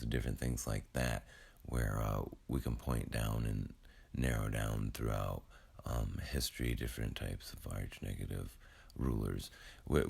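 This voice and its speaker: A man's voice: extremely low pitch, vocal fry, darkish tone. A man in his forties, just woken up, rambling to his viewers in a casual, self-deprecating vlog monologue. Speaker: YouTube creator.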